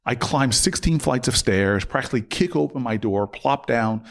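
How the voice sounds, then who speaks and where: A man's voice: mid-range voice, animated, normal speed, creaky. A man in his forties telling a personal story in a casual interview, acting out both sides of the argument. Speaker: podcast guest.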